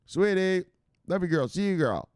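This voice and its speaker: A male crypto news host in casual livestream chat, shouting out viewers with loud hype catchphrases, swearing and laughing. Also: sits high, animated, normal speed, clean tone, dry recording, clean studio sound.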